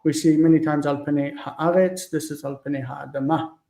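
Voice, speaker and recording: A man teaching a casual live Bible Hebrew lesson, thinking aloud with many fillers and reading verses slowly before explaining them. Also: a little high, steady tone, vocal fry, dark tone, low-quality recording.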